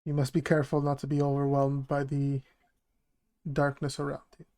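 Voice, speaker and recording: A man's voice: mid-range voice, monotone, warm tone, smooth, lightly acted. A man voicing a cryptic, blunt male teacher who speaks tersely and evades questions. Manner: terse, evasive, measured.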